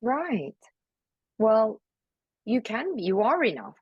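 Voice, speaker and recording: A woman's voice: fairly high pitch, very animated, takes it slowly, husky, no echo, lo-fi sound. A woman from Malaysia, a guest actress, speaking emphatically and encouragingly in a remote interview. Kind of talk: casual interview talk. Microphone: remote recording.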